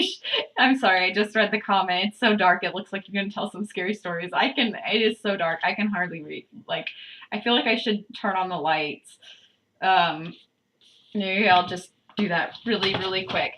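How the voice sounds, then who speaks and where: Bright-voiced woman reading with chatty asides. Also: mid-range voice, normal speed, poor audio. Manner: chatty, self-interrupting, giggly. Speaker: channel host. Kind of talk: reading a book aloud with casual asides.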